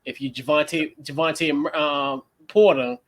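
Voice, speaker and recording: A man co-hosting a casual sports talk show, playful and quick to laugh. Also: fairly high pitch, steady tone. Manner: laughing, playful, hypes people up. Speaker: podcast co-host.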